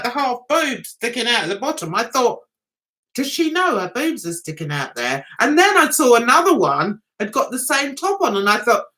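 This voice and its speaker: Her voice is high and a little bright. This middle-aged British woman runs a laid-back live-stream chat, reading viewer comments aloud in a giggly, talkative way and frequently laughing at herself.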